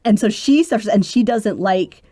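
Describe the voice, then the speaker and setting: This husky, medium-pitched voice belongs to a military caregiver in her forties, heard with no room sound. Speaking at normal speed in a podcast interview, she's earnest and animated, voicing quotes as she tells her stories.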